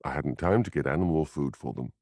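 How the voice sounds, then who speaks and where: A man voicing a composed adult woman who speaks in a calm, even voice, in a storybook. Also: a bass voice, brisk, no echo, studio quality.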